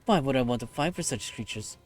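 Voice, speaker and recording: A man's voice: mid-range voice, expressive, fast talker, soft background music, close to an everyday voice. A man voicing a scornful, vengeful young female warrior, reading game dialogue aloud with raging threats. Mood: wrathful. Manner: raging, contemptuous, shouting threats.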